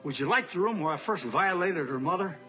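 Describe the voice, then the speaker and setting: A man's voice: on the high side, animated, brisk, natural voice. Actor doing a grumpy needling eighty-year-old guy, voice swings around a lot, muffled trailer sound w/ music under it. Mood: wry. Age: 80s. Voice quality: dry, needling sarcasm. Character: cranky sarcastic old man turning eighty. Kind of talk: film trailer dialogue.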